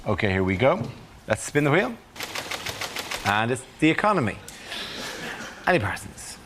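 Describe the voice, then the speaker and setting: A man hosting a comedy panel show, briskly announcing rounds and rules. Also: medium pitch, sing-song, noisy background. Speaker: host. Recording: studio with loud audience.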